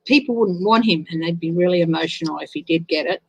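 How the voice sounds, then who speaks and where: A woman's voice: lowish voice, quick pace, rough recording. A woman giving a casual live tarot reading, chatty and openly emotional as she answers viewers. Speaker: tarot reader.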